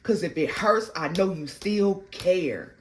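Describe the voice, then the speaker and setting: A woman giving a casual tarot reading to her viewers, animated and slangy. She breaks into bits of song and laughs often. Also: on the low side, takes it slowly, slight background noise. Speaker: tarot reader.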